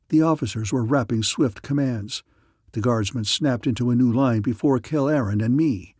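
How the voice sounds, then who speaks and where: A man narrating a science fiction audiobook in a dramatic, measured manner. His voice sits at a middle pitch, and the recording is dry and close, with no room sound. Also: a little mellow, husky, dry recording.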